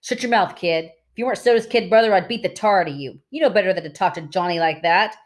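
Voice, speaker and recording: A woman's voice: medium pitch, fast, close to an everyday voice. A woman reading aloud, voicing a cocky, good-natured teenage greaser who talks bluntly.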